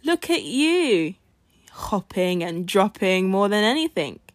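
A woman's voice: mid-range voice, big pitch swings, slow pace, dry recording. A woman voicing a sly, scheming male rabbit trickster in a spoken folk tale, with a coaxing, wheedling manner. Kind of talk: storybook reading.

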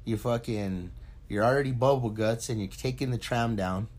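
A man's voice: medium pitch, normal speed, a little mellow. A man co-hosting a podcast, chatting casually in a rambling, slangy way, swearing a lot and laughing often. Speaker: podcast co-host. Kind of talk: casual profane chat.

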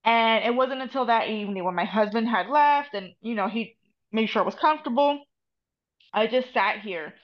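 Brief: animated New Jersey woman guest, brash and profane, higher voice, dull podcast sound. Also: normal speed. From United States. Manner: profane, animated, mixes in Spanish phrases. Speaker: podcast guest, Reiki master and tarot reader. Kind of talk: casual storytelling chat.

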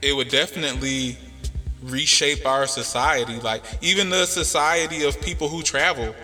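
Man, podcast host, casual rambling storytelling, bright voice, long reverb, faint music. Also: on the high side, normal speed. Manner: laid-back, rambling with many fillers.

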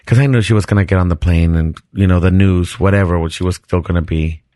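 Male podcast host, lowish voice, dry close sound, animated casual storyteller. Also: fast talker, no room sound. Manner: animated, chatty, restarts sentences and laughs often.

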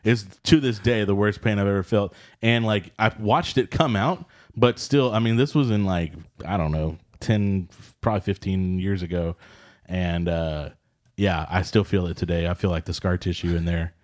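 Man in his 30s, very low voice, easygoing podcast co-host, rambling chat. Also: moderate pace. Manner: laid-back, rambling, laughs often. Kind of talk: casual chat.

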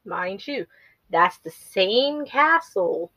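A woman's voice: mid-range voice, lively intonation, very slow, sharp tone, no room sound, rough recording. A woman podcast host rambling through a casual movie recap, swearing, laughing nervously and apologizing as she goes.

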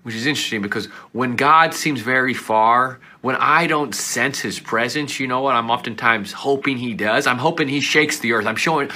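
A male pastor preaching a sermon earnestly, swinging between loud pleading passages and hushed whispers. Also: mid-range voice, brisk, hardly any pauses.

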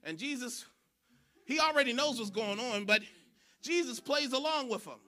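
A man preaching a sermon in church, animated and shouting for emphasis. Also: very high voice, normal speed. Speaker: pastor.

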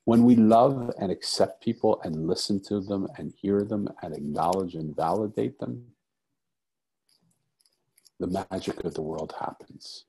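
A middle-aged man with a deep, warm, husky voice speaks a little slowly. As an interview guest, he tells a personal story in a conversational, earnest and reflective way, repeating phrases for emphasis.

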